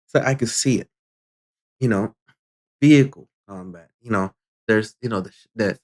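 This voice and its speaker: An older man tells a long, meandering gaming story in a relaxed vlog. His voice sits a little low, and he stops often to clear his throat and restart a thought. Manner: rambling, halting, frequent throat clearing. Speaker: gaming channel host.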